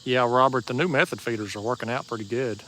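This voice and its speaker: A man with a relaxed East Tennessee Southern drawl talks easily through a fishing livestream, folksy and joking as he answers his viewers. His voice sits in an ordinary middle register. He is recorded outdoors at night, with faint crickets and insects chirping behind him. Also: medium pitch, quick pace, slight background noise. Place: outdoors at a marina bank at night.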